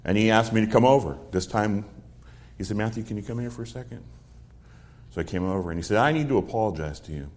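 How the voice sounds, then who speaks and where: A man's voice: on the low side, fast, pauses often, darkish tone. A middle-aged man preaching a sermon, expounding a psalm verse by verse and telling stories from his own life in an earnest way. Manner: earnest storytelling with quoted dialogue.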